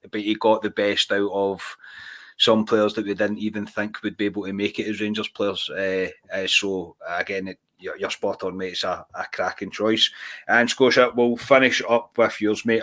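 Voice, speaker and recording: A young Scottish man hosting a casual podcast chat, earnest and steady, calling his co-hosts "mate". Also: on the low side. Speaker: podcast host.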